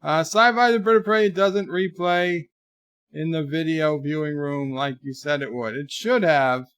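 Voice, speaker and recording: A man's voice: fairly high pitch, a little slow, clear, resonant tone, no echo, studio quality. A man hosting a live stream, reading viewers' chat messages aloud in a rambling, chatty way. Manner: chatty, rambling, trails off quietly.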